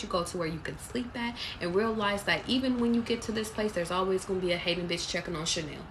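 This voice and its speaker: Woman doing a live tarot reading, middle-pitched voice, blunt, cusses a lot, noisy mic hiss behind her. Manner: casual, blunt and profane, streams intuitive messages. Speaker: tarot reader.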